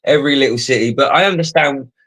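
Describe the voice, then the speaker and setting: A man's voice: medium pitch, quick pace, fairly bright tone, low-quality recording. A man with a Cockney accent, chatting casually on a live stream and repeating words as he thinks. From England.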